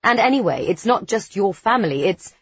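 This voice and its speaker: A woman voicing a calm, frank young man who keeps pressing his point in reasonable tones, read as an audiobook character. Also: medium pitch, fairly quick, slightly rough, no room sound. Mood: steady, persuasive. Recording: dull, dry studio recording.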